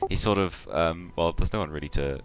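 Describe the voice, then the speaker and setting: Super deep guy running a tabletop game, rambly, lots of um and like, faint music behind. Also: a little fast. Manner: loose, rambling narration with many fillers. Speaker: game master.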